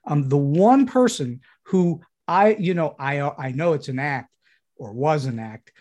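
A man's voice: fairly high pitch, expressive, unhurried, darkish tone, lo-fi sound. A man interviewing a comedian, often stammering on the first words of his questions.

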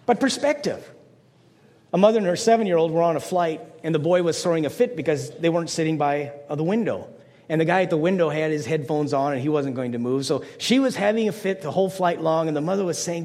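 A man's voice: on the high side, a little mellow, big-room sound. An older man preaching a conversational sermon as pastor, playful, slipping into mock voices to make his points.

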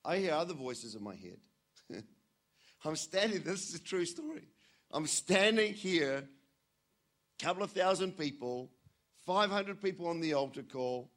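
Animated male preacher. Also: fairly high pitch, measured pace, long pauses. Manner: animated storytelling, swings from loud to quiet. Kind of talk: sermon.

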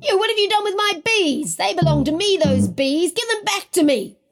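A woman's voice: extremely high pitch, expressive, normal speed, loud music behind the voice, voice pushed up. A woman storyteller voicing a hot-headed young village man who turns lovesick, blustering and pleading. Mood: accusing.

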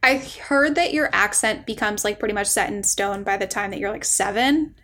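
A woman's voice: mid-range voice, moderate pace, fairly bright tone. A woman co-hosting a podcast, chatting casually with matter-of-fact, opinionated asides. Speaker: podcast co-host. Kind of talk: casual chat.

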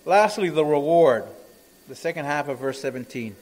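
Lively, high-pitched preaching man. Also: moderate pace. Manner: emphatic preaching with rhetorical questions. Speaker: pastor. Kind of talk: sermon.

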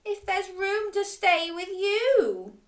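A woman voicing a lonely, tearful female dragon who speaks softly and sniffles plaintively. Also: very high-pitched, sing-song, takes it slowly, reverberant, pitched above the performer's own voice, heavily acted. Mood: sad, lonely.

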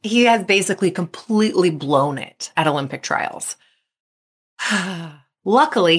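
A middle-aged woman, a mental performance coach, hosting a solo podcast and telling stories while acting out athletes' worried thoughts. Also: medium pitch. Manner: lively storytelling, acting out athletes' inner voices.

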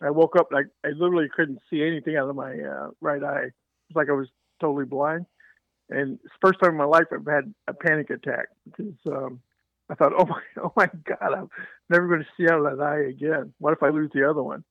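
A man's voice: on the high side, steady tone, fast, gravelly, no echo. A man, a guest on a casual podcast, telling a story in a hesitant, rambling way over a remote call. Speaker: guest game designer. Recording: dry muffled remote call audio.

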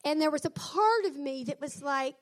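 A middle-aged woman with a notably high voice talks about raising her sons. She tells her stories in an earnest, reflective way, taking her time. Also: expressive, normal speed. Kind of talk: personal talk on parenting.

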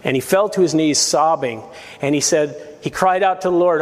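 Earnest preaching man, higher voice. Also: a little fast, darkish tone, in a large hall. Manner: earnest, emphatic preaching with rising appeals. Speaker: pastor. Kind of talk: verse-by-verse sermon. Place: church sanctuary.

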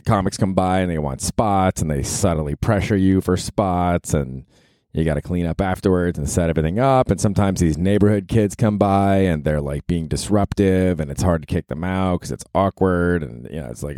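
A man's voice: sits low, normal speed, mellow, no echo, studio quality. A man in his forties hosting his own podcast, rambling casually with profanity and self-mockery. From New York. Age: 40s. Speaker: podcast host. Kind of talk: casual solo podcast monologue.

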